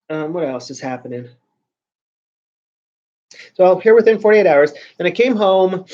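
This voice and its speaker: A man's voice: a little high, a little mellow, muffled recording. A man hosting his own vlog in casual chat, rambling along with frequent restarts and sentences that trail off. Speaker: vlogger host.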